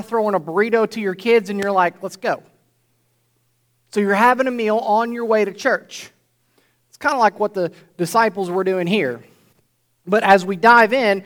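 A man's voice: high-pitched, a bit bright. A male pastor preaching a sermon to his congregation in a conversational way, often checking in with "right?". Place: church before a congregation.

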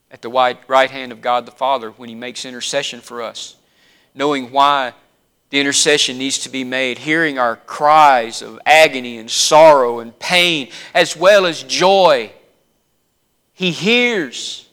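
A man preaching a sermon, dropping to a hush and then rising to loud, emphatic appeals. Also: fairly high pitch. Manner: preaching with wide swings from hushed to loud and emphatic.

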